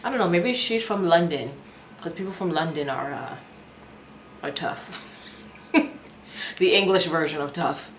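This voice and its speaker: A woman's voice: deep voice, measured pace, long pauses, background noise. Chatty woman reviewing in an echoey room. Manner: candid and chatty, thinks aloud. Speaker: album reaction reviewer. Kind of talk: casual reaction review. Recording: echoey room with music playing.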